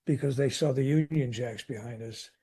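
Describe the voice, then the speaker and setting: An older man from Chicago with a Chicago accent, a guest telling animated stories in a casual interview. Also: mid-range voice, normal speed, husky. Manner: animated anecdotes with restarts. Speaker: guest musician.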